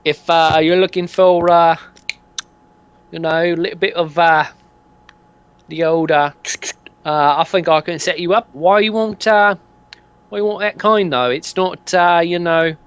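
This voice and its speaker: A man's voice: fairly high pitch, steady tone, unhurried, pauses often, smooth, no room sound, voice pushed up, close to an everyday voice. A man voicing a pushy, sleazy male fixer who keeps nudging and saying "mate", on dull lo-fi audio. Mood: wheedling. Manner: wheedling, nudging, full of "mate" and "eh".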